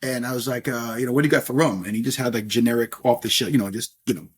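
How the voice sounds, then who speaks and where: Husky-voiced middle-aged man telling stories. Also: mid-range voice, steady tone, very fast. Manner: chatty anecdotal storyteller, says "if you will" often. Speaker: podcast guest. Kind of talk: casual storytelling interview.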